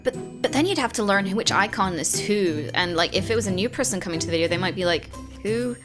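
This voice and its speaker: A woman's voice: mid-range voice, animated, fast. A British woman hosting a casual video game chat, playful and teasing. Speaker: video game channel host. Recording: music in the background.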